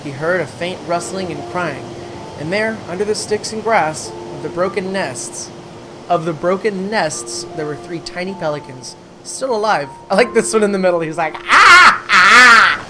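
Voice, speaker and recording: A gaming creator playing a story game, reading its text aloud with stumbles and self-corrections and breaking into excited squeals. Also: medium pitch, normal speed, background noise. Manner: chatty, trips over words while reading and corrects itself; swings to excited squeals when delighted. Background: game music.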